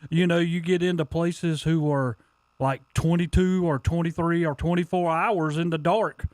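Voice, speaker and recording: A man's voice: fairly high pitch, steady tone, moderate pace, a little mellow, dry recording. A man co-hosting a sports talk radio show, asking rambling, hedging questions. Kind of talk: casual sports radio banter.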